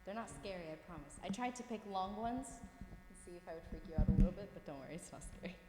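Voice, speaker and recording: A woman's voice: on the low side, animated, quick pace. Woman teacher, patient and encouraging, roomy classroom echo, long reverb, faint background hum. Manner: patient, encouraging, checks in often. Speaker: Coptic language teacher. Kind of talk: classroom lesson, reading words aloud.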